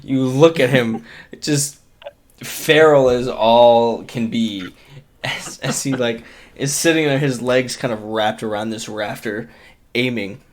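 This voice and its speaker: A young man acting as game master, narrating a tabletop game in an animated way and laughing often. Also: medium pitch, slow.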